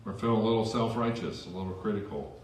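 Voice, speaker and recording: A man's voice: on the low side, fast, far from the mic, slight background noise. A man preaching a sermon as pastor in a church, conversational with self-deprecating asides. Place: church sanctuary. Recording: echoey church hall from afar.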